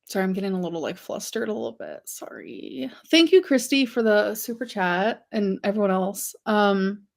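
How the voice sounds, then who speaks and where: A woman's voice: medium pitch, sing-song, brisk. A woman chatting casually to viewers on a livestream, rambling with lots of fillers and giggles.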